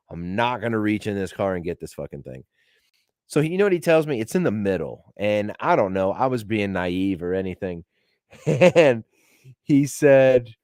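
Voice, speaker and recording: Podcast host, male with a lowish voice, loose rambling delivery, swears freely, dry close-miked sound. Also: darkish tone, no room sound. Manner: rambling, profane, laughing as he talks. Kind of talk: casual storytelling to a live audience.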